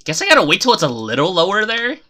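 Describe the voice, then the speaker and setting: A man's voice: sits high, huge pitch swings, fast talker, bright, forceful tone, slight background noise. A man streaming a video game live, giving profane, exasperated running commentary as he plays.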